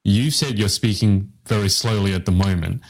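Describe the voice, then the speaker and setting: Male host, lowish voice, rambling casual storyteller, live interview on a video call. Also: moderate pace. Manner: rambling, self-deprecating storyteller with restarts.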